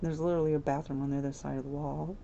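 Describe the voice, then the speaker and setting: A woman streaming a life-sim game, chatty and giggly, talking straight to her viewers, over steady background noise. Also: sits low, very fast, gravelly, highs cut off. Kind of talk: casual gameplay commentary.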